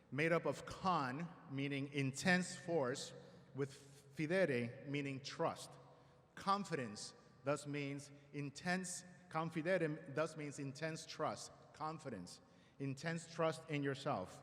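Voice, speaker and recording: A man giving a formal convocation address at a school ceremony, measured with light self-deprecating humor, speaking at a podium microphone. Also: fairly high pitch. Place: large auditorium. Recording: long hall reverb in a large auditorium.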